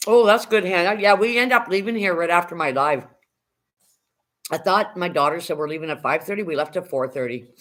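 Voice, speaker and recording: A middle-aged woman from Canada, chatting casually on a live stream, greeting viewers by name and swearing now and then. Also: fairly low pitch. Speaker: livestream host.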